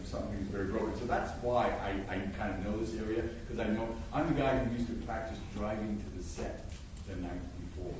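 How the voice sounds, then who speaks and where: An older man teaching acting before an audience, an animated storyteller who stammers and restarts and bursts into loud impressions. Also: lowish voice, noisy background. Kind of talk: lively workshop talk. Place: large hall before an audience. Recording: echoey hall from far off.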